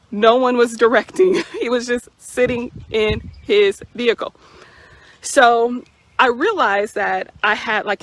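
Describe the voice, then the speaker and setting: A woman's voice: fairly high pitch, a bit bright. A woman vlogger emotionally retelling a personal incident. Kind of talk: personal storytelling to camera.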